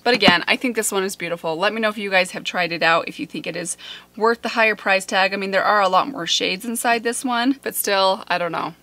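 A woman's voice: mid-range voice, bright, forceful tone, no room sound. A woman beauty vlogger chatting casually to camera in a friendly way, musing aloud as she talks.

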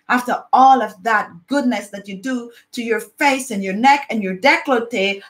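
A woman's voice: on the high side, a bit bright. A woman from Jamaica, hosting a casual beauty live chat from home, chatty, often saying "no joke" and "okay?" as she talks. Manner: chatty, repeats "no joke" and "okay?", reads viewer comments aloud.

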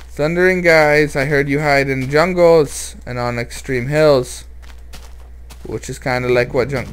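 A man's voice: medium pitch, a little hiss or hum. A man commenting on his own game as he plays, rambling, joking and sounding a little nervous. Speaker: let's play host. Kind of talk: gameplay commentary.

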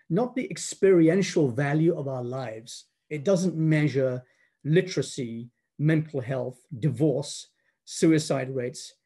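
A man giving a public lecture as a guest speaker, in a thoughtful, halting and earnest manner. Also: a little high, dark tone, husky.

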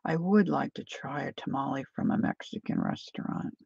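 Woman, gravelly and mellow tone, chatty painting-tutorial host who rambles, dry close sound. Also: extremely low pitch, huge pitch swings, moderate pace, dry recording, whispered, highs cut off. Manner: chatty, drifting into side stories while painting. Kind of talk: casual painting demonstration.

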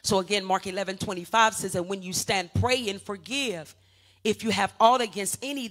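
A woman pastor preaching a sermon, urging the congregation on with call-and-response and swinging from loud emphatic peaks to quiet teaching. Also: a little high.

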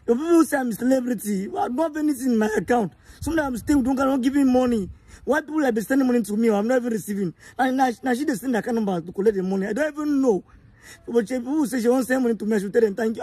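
High, husky Nigerian man, tearful and pleading. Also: warm tone, no room sound. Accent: Nigerian Pidgin-tinged English. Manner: pleading, distressed, repetitive begging. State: tearful, near crying. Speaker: vlogger telling his side. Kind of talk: emotional personal appeal.

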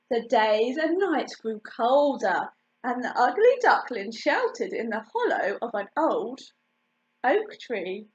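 A woman reading a children's picture book aloud in an expressive way, stopping to ask the listener questions. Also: a little high, slow. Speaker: storytime reader. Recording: dull lo-fi recording.

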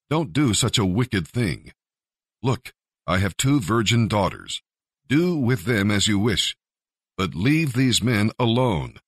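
Man reading scripture with lively intonation. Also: no room sound, clean studio sound. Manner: expressive reading, lifting pitch for quoted speakers. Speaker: Bible reader.

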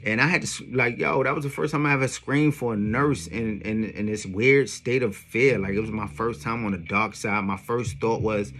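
A man's voice: lowish voice, slight background noise. A man telling his own story in a casual monologue, full of slang and emphatic asides. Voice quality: streetwise slang with frequent "yo" and profanity. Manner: animated, emphatic retelling. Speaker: songwriter vlogger.

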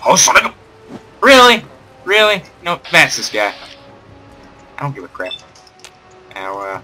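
A man's voice: mid-range voice, big pitch swings, normal speed, bright, forceful tone, soft background music. A young man doing playful, sarcastic game commentary, rambling and joking at the screen. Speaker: gamer doing a let's play.

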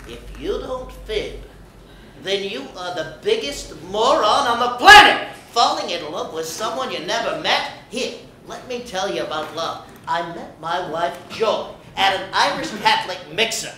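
A man playing a loud, short-tempered older TV host in a comedy sketch, ranting and shouting. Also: sits high, lively intonation, measured pace, slight background noise, heavily acted. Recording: roomy studio echo.

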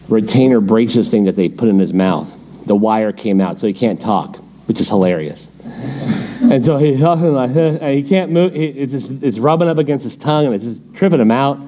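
A middle-aged man teaching a midweek Bible study as pastor, in a conversational, storytelling way. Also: medium pitch. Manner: conversational, animated storytelling with laughs.

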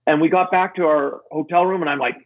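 A middle-aged man talking fast as a podcast guest, heard over a tinny, phone-like line with slight background noise. He tells an animated story, acting out the people's voices with lively jumps in pitch.

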